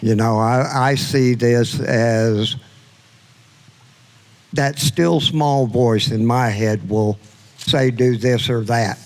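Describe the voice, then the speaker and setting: A man in the audience talks slowly through his thought in a casual discussion. He stops and restarts his sentences as he goes. His voice sits in a middle range. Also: mid-range voice. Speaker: congregant asking a question.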